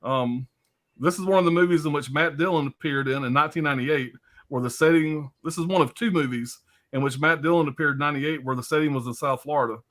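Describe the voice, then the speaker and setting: A man's voice: fairly high pitch, fast talker, a bit bright. A man hosting a live stream, chatting casually about films in a loose, profane, rambling way full of fillers.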